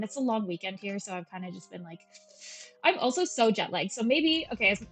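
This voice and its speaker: A woman's voice: medium pitch, expressive, brisk, soft background music, rough recording. A young woman chatting casually and self-deprecatingly as she comments on a game she is playing at home, drifting off into tangents. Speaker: gaming channel host. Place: at home with her cats.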